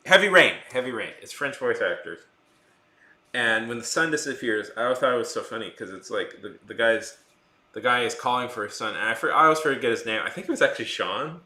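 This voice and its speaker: A man's voice: mid-range voice, sharp tone. A young man streaming his art and chatting casually to his viewers. He rambles and jokes, often restarting his sentences. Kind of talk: casual chat with a live stream audience. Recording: roomy echo.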